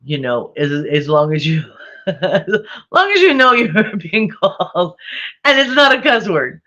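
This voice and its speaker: A woman's voice: lowish voice, sing-song, measured pace, a bit bright, dull audio. A woman vlogger telling a rambling family story, repeating herself and chuckling often. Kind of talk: casual storytelling.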